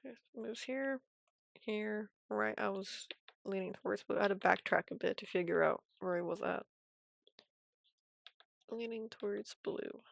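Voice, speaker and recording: A woman streaming animation from home, giving casual commentary while she draws, in a soft, quiet, half-whispered way. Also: mid-range voice, measured pace, gravelly, long pauses, no room sound.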